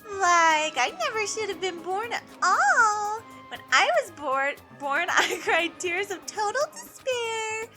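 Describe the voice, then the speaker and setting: A woman's voice: very high-pitched, animated, slow, few pauses, bright, forceful tone, faint music behind, exaggerated voice. A woman voicing an unstable teenage girl mastermind who swings between bored, cutesy and mopey tones. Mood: sad emo. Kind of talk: fan voice-acting over a game.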